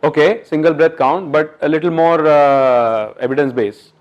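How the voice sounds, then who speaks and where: A man giving an interactive medical lecture at a workshop, quizzing the audience in a coaxing, brisk way. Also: on the high side, highs cut off.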